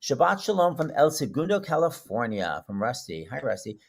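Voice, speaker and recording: Male host, lively swooping voice, excitable and quick with jokes. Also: mid-range voice, slightly rough. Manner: excitable, joking, quick banter. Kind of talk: casual livestream chat.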